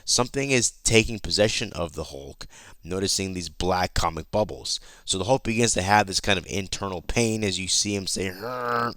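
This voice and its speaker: A man with a low, deep voice walks through a comic issue in a loose, chatty way. He swears freely and trips over his own sentences. The recording is dry and close, with no room sound. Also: moderate pace, a bit bright, no room sound. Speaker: comic book YouTuber. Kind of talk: casual comic recap.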